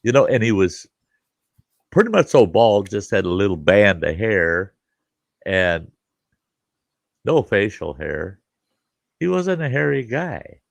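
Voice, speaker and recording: Pausing often and speaking slowly, this middle-aged campground host tells rambling, profane, campfire-style stories during a relaxed live chat, chuckling at his own jokes. The voice is very low and gravelly, captured dry and close without room echo.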